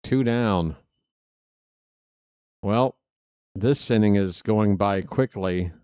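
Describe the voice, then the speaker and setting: A man doing live play-by-play of a baseball game for viewers, chatty and joking with the chat between pitches. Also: very slow, a little mellow, smooth, no echo, clean studio sound. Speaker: fan play-by-play announcer.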